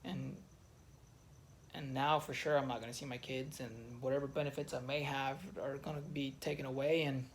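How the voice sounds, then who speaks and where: Raw-voiced veteran man, candid and halting. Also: mid-range voice, little pitch movement, a little hiss or hum. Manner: raw, emotional, swears often, halting restarts. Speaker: army veteran telling his story. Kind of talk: candid personal monologue.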